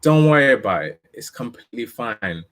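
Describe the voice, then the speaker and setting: Laid-back forgiving friend, casual and reassuring, as a storyteller quotes him. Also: male voice, medium pitch, sing-song, moderate pace, a bit bright, a little hiss or hum. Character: relaxed, forgiving man friend.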